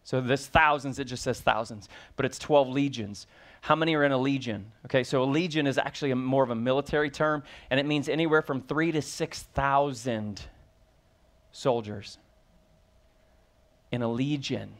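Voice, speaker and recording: A man's voice: mid-range voice, moderate pace. Man preaching a sermon. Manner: reads scripture then preaches with rising emphasis, asks the congregation questions. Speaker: pastor.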